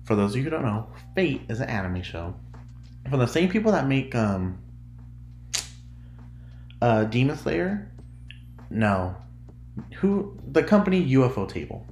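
Lively, giggly podcast host in an echoey room. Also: medium pitch, slow, long pauses, slight background noise. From United States. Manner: rambling, giggly, self-interrupting. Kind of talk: casual solo podcast chat.

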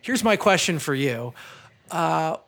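A man's voice: on the high side, slow pace, creaky. A man with a slightly raised voice chats on a podcast. He rambles a bit and pokes fun at himself, with plenty of animation. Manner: animated, rambling, self-deprecating. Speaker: podcast co-host. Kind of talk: casual chat.

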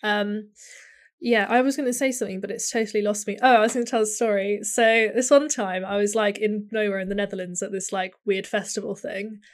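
A woman's voice: medium pitch, steady tone, fairly quick. A young woman co-hosting a casual chat, telling a rambling story and laughing often.

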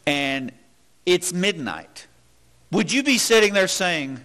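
A man's voice: sits high, expressive, takes it slowly, sharp tone. A man preaching a sermon in an earnest, questioning way, with many restarts.

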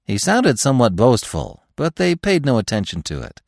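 A man reading a classic story aloud as narrator, in an expressive, measured storybook style. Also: mid-range voice, creaky, no echo, studio quality.

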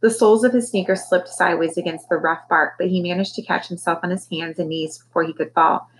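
A woman teacher reading a children's novel aloud with expressive storytelling. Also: on the low side, fast, hardly any pauses, slight background noise, rough recording.

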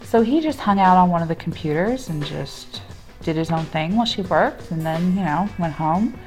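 A woman's voice: on the low side, moderate pace, faint music behind. A woman podcast co-host casually telling a funny story, acting out what each person said and breaking into laughter. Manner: animated storyteller acting out quoted people, laughing often.

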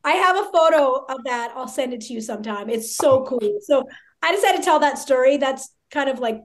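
A woman in her thirties, a podcast guest, telling a story in a chatty, excitable way full of filler words. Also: sits high, a little fast, a little hiss or hum. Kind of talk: casual storytelling.

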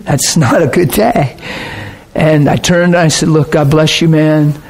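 A man's voice: a little high, fairly even intonation, measured pace. A man preaching with earnest intensity, retelling a personal story and acting out both sides of the conversation. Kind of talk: sermon storytelling.

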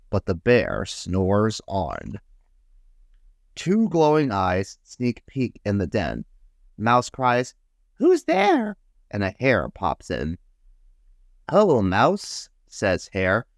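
Guy reading a kids storybook, slow and super expressive, lowish voice, dry close sound. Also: vocal fry, no echo. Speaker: podcast host and storyteller.

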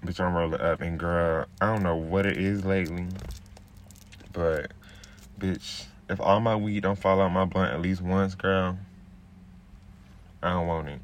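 Young guy w/ aave ranting loud n profane on his podcast, lowish voice. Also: measured pace, pauses often. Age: 20s. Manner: brash, profane, animated ranting; drops into a low, laid-back murmur while rolling a blunt. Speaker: podcast host. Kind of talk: casual rant.

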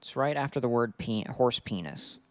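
A man's voice: mid-range voice, lively intonation, normal speed, dry recording. A man co-hosting a podcast, chatting casually and reading fan fiction aloud while often laughing. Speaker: podcast co-host.

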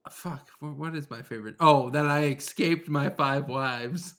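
A man's voice: a little high, measured pace, a bit bright. A man co-hosting a casual chat, joking, laughing often and swearing. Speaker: podcast co-host. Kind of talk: casual chat while playing music.

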